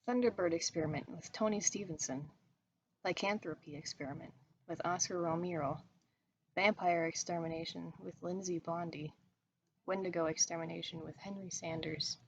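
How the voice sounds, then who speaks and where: A woman narrating a horror story in a steady, even reading voice. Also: lowish voice, moderate pace, vocal fry, muffled recording, slight background noise. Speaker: story reader.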